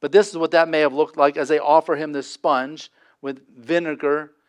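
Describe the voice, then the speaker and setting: A man preaching a sermon as pastor, impassioned, with dramatic pauses and sudden drops to a hush. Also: on the high side, steady tone, clear, resonant tone.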